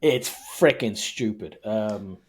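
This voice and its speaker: Male podcast co-host, husky mid-pitched voice, sarcastic exasperated film rants. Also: slow. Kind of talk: casual film review chat.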